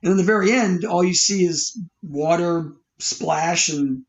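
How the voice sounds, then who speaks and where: A man's voice: high-pitched, measured pace, lo-fi sound. A man appearing as a guest screenwriter on a podcast, speaking hesitantly with many "you know" and "um" fillers. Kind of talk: casual film discussion.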